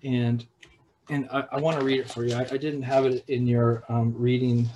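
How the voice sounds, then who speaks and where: A man preaching a sermon in a halting way, with repeated words and restarts, at times dropping to a hushed, slow voice for emphasis. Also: medium pitch, level tone, slight background noise, poor audio. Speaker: pastor.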